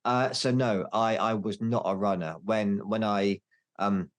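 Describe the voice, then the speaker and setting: A man's voice: lowish voice, steady tone, measured pace. A man in his forties, a podcast guest, talking candidly and mocking himself, with many restarts. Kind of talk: casual interview chat.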